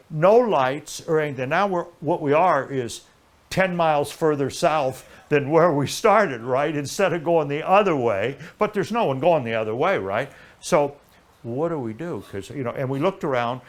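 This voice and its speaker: Older man telling a lively rambling story. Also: a little high. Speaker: interview guest. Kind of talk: casual anecdotal storytelling.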